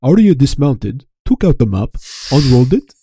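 Dark, husky male narrator. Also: medium pitch, sing-song, normal speed, dry recording. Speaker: guest reader. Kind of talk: reading narration aloud.

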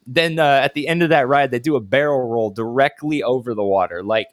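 A young man casually recounting a theme park trip over a call, excited, swearing often and saying "dude.". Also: medium pitch, fairly quick, dry recording, clean studio sound. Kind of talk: casual chat. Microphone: remote call.

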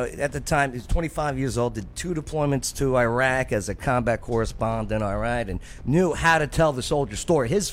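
A man with a New Jersey accent, hosting a radio show and telling stories in casual chat, acting out other people's lines as he goes. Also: mid-range voice. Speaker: radio show host and former army journalist.

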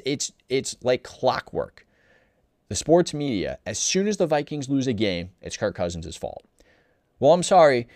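A man delivering a blunt, opinionated sports talk monologue, exasperated and animated, often restarting his sentences. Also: medium pitch, no room sound, clean studio sound. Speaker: sports commentator.

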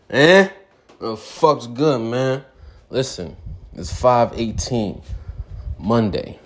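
Slow, drawling man ranting. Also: mid-range voice, slight background noise. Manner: smoking while talking. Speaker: vlog host. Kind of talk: ranting vlog monologue.

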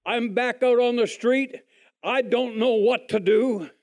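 Man, high voice, folksy testimony teller who does the other people's voices. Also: takes it slowly. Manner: folksy, animated, acts out other people's lines in a higher voice. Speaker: speaker giving a testimony. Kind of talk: testimony storytelling.

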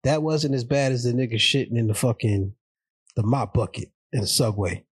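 A man co-hosting a podcast, animated and quick to laugh. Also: mid-range voice, slightly rough, no echo, studio quality. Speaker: podcast co-host. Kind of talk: casual chat.

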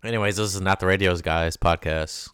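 A man's voice: sits low, steady tone, brisk, noisy background. A young man co-hosting a podcast, talking in laid-back, slangy banter. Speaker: podcast co-host. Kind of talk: casual chat.

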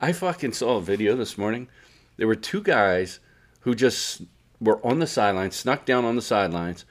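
Male co-host, low voice, casual profane storyteller for sports talk. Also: lively intonation, normal speed. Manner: profane, storytelling, laughs often. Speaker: podcast co-host.

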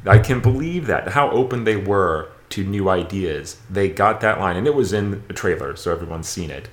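A very deep-voiced man in casual movie-review chat, easygoing and a little rambling. The recording carries a roomy echo. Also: lively intonation, normal speed. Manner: easygoing, rambling, with restarts and fillers. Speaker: podcast co-host.

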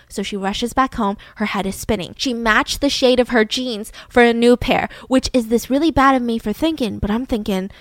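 A chatty young woman hosts a true-crime podcast, retelling the case casually and animatedly, and slipping into the scenes between asides. Her voice is a bit high-pitched, and the sound is close and dry with no room echo. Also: normal speed, hardly any pauses. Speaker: podcast host.

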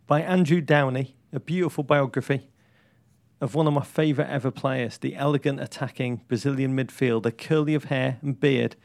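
A man co-hosting a casual sports chat, with a wry, deadpan delivery. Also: medium pitch, moderate pace, vocal fry, no room sound. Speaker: podcast co-host.

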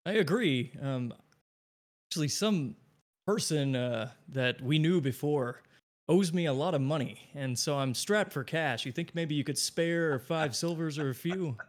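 A man's voice: fairly high pitch, unhurried. A man playing a tabletop game, joking and playful in his banter. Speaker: player.

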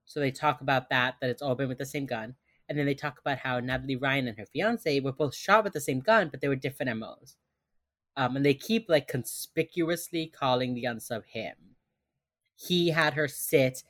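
A woman with a bass voice co-hosts a casual podcast, recapping a TV episode and animatedly acting out the characters' lines along the way. The recording is dry and of studio quality.

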